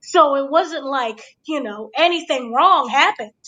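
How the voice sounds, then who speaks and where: Female host, high voice, animated casual recap. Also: measured pace, slight background noise, rough recording. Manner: animated, acts out quotes.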